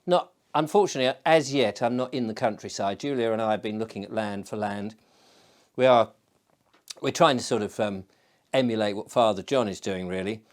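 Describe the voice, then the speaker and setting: A man's voice: fairly low pitch, a little fast. Rambling Englishman chatting over his pipe. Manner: rambling, self-mocking, digressive. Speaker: show host. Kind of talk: casual solo chat.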